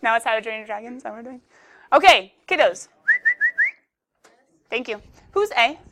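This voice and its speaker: Bright-voiced playful woman teacher. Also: a little high, rapid-fire, a little hiss or hum. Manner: playful, joking with students. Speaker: math teacher. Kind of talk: classroom lesson. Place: classroom.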